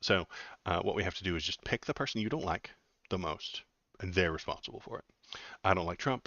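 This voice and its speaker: A man's voice: sits low, fairly quick, sharp tone, dry recording, highs cut off. A man giving casual, sarcastic political commentary on a livestream, rambling with lots of fillers and asides.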